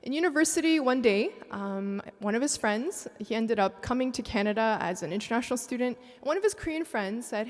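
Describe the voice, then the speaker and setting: A woman's voice: on the high side, lively intonation, a little fast, hardly any pauses. A woman on a church panel telling a personal faith story with feeling. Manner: emotional storytelling, breaks into tears. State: tearful, voice breaking. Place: large church sanctuary. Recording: long echo of a big sanctuary.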